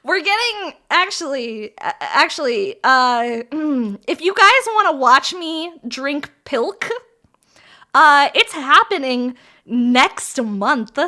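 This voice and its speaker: A woman's voice: high-pitched, very animated, slow, bright, forceful tone. A woman streamer chatting casually with her viewers while building model kits, playful and giggly, with frequent swearing. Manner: giggly, profane, playful banter with chat.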